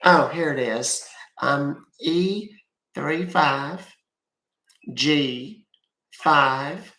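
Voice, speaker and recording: Man putting on a slow-talking little old lady. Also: a little high, sharp tone, roomy sound, full character voice, rough recording. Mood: puzzled.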